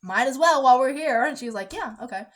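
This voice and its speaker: A woman telling a story in a casual vlog, dramatic and animated, often swearing and acting out the voices of others. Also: high-pitched, fast.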